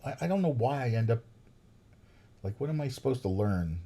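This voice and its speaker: Podcast guest: deep, husky New man telling profane, ranting stories. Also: darkish tone. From New York. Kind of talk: storytelling chat.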